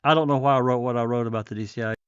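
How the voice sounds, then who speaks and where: A man hosting a casual livestream, talking in a rambling, halting way with a faint Southern American accent. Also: medium pitch, fairly even intonation, fairly bright tone, clean tone, no room sound. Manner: rambling, halting, many fillers. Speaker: livestream host. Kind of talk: casual commentary. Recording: dull dry lo-fi stream.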